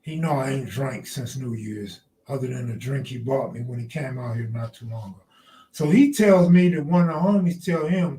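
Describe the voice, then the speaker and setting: A man's voice: on the high side, normal speed, warm tone, roomy sound, distant mic. A man hosting a casual live stream, joking loosely with his chat and laughing often. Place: outdoors near the ocean.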